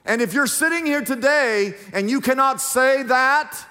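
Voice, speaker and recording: High-voiced preaching man in reverberant hall. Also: unhurried, bright, forceful tone. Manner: emphatic preaching, rhetorical questions to congregation. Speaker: pastor. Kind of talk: sermon. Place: church sanctuary.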